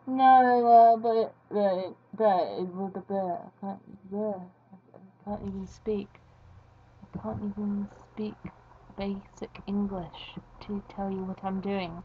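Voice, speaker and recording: A woman's voice: medium pitch, fairly even intonation, slow, highs cut off, a little hiss or hum. A woman giving casual, rambling, self-deprecating commentary while she draws for her video. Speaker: video creator.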